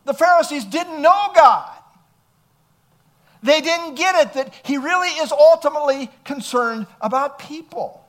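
A man's voice: very high-pitched, expressive, unhurried, a bit bright. A male pastor preaching an emphatic sermon, reading scripture aloud and asking rhetorical questions.

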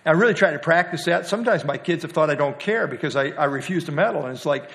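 A man's voice: fairly high pitch, lively intonation, gravelly, a bit bright. Folksy older man teaching scripture. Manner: halting, with frequent "uh" and restarts; folksy, with light humor. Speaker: Bible teacher. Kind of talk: casual verse-by-verse Bible teaching.

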